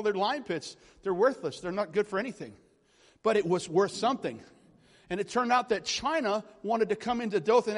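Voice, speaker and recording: A man in his forties delivers a charismatic sermon in a large hall, his voice high-pitched. He tells stories and builds toward loud exhortation.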